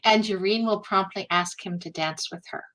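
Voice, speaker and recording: Bright woman player, stammering. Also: mid-range voice, normal speed, low-quality recording. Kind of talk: casual tabletop play.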